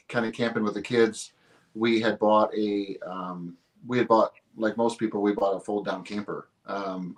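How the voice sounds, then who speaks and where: Easygoing man from northern Indiana, fairly low. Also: rough recording. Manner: easygoing, rambling storyteller. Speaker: guest. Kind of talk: casual interview chat.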